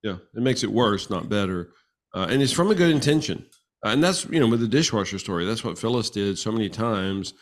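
Animated low-voiced man in his sixties. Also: fairly quick. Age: 60s. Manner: animated storyteller, acts out quoted exchanges. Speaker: guest, relationship coach. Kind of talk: casual podcast conversation.

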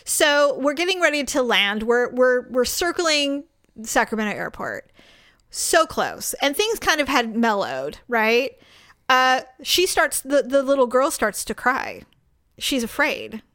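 A woman's voice: sits high, very animated, unhurried, a bit bright, no echo, studio quality. A woman telling an indignant travel story in casual chat, acting out the people she quotes.

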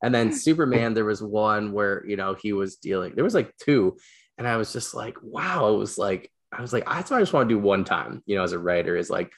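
Rambling, excitable man with a low voice. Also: a little fast. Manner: rambling, animated storytelling with many fillers. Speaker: podcast host, teacher and coach. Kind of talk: casual interview chat.

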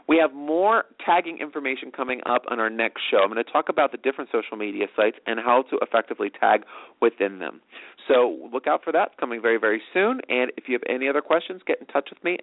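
A male host talks fast and loosely, piling on fillers and restarts as he explains. His voice sits at an ordinary pitch. The sound is thin and phone-like, with a dry, close feel. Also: animated, dry recording. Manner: rambling, filler-heavy, fast. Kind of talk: casual talk show explanation. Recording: tinny dry phone-like audio.

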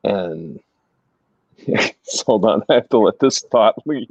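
A middle-aged man casually telling anecdotes as a guest, animated and laughing as he goes. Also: fairly low pitch, takes it slowly, breathy edge, no room sound. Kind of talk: casual storytelling. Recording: dry, slightly dull sound.

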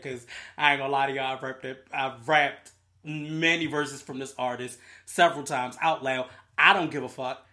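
A young adult hosting a solo podcast in an excitable, rambling way, full of slang and swearing. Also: mid-range voice. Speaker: podcast host. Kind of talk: casual solo podcast chat.

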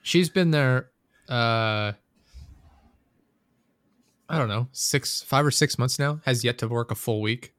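A man's voice: mid-range voice, slow pace, long pauses, a bit bright, no echo, studio quality. A man in casual chat, rambling and swearing as he vents about a coworker. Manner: profane, venting, rambling storyteller.

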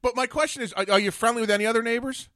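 Rapid-fire, high-voiced male host. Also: bright, forceful tone, no echo, studio quality. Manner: amused, quick probing questions. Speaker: podcast host. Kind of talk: casual podcast interview.

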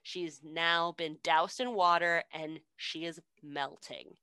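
A woman's voice: sits low, steady tone, slow pace, sharp tone, clear, resonant tone, no echo. A young woman casually retelling a story with sarcasm, frequent swearing and laughter, as a podcast co-host.

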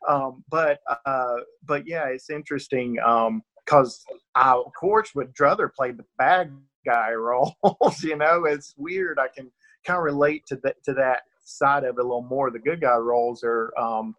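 A man from Northeast Georgia speaks with a rural Georgia accent. He answers questions in a chatty, self-deprecating way, often restarting his sentences and breaking into laughs. His voice sits at a middle pitch. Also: a little slow, a bit bright, lo-fi sound. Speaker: actor guest. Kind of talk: casual interview answers.

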